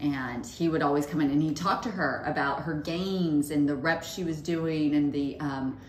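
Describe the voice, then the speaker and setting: A woman co-hosting a casual podcast, telling stories in a chatty way with frequent swearing and quick asides. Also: deep voice. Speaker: podcast co-host. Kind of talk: casual chat. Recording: echoey room with faint noise.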